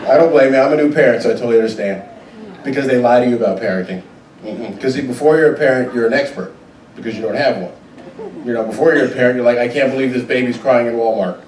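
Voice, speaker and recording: Guy doing stand-up on a cruise ship stage, heard from way back in the crowd with audience noise all around. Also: fast talker. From Southern United States. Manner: animated, jumps into high shouted character voices. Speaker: stand-up comedian. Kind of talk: stand-up comedy. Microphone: audience camera far from the stage. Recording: distant echoey theater recording.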